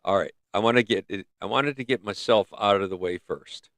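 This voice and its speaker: Speaking fairly quickly with a low-leaning, fairly bright voice, this middle-aged livestream host from northern North America rambles casually and keeps restarting his thoughts. His throat is giving out as he talks, and the close mic picks up no echo.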